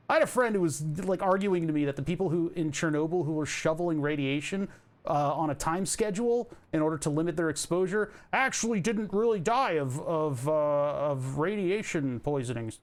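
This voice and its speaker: A man streaming a building game, chatting casually to his viewers in a rambling, self-mocking way. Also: a little high. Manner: rambling, self-mocking, jokey asides to chat. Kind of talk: casual gameplay commentary.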